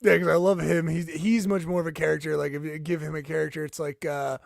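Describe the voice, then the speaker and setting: Gravelly, high-pitched comedy podcast co-host. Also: male voice, fast, no room sound, clean studio sound. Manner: rambling, animated, slips into silly impressions. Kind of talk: casual comedic chat.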